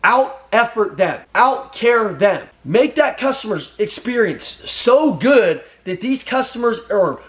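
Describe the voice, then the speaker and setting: High-pitched, punchy male sales coach. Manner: intense, punchy, repeats short commands; profane and blunt. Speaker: sales trainer. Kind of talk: motivational sales pep talk.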